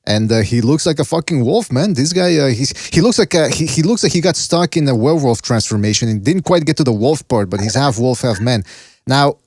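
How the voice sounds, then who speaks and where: A man with a mid-range voice and lively intonation hosts a boxing podcast, speaking briskly in a dry, clean studio recording. His casual chat is brash and loose, full of swearing and shout-outs as he takes viewers through fight clips.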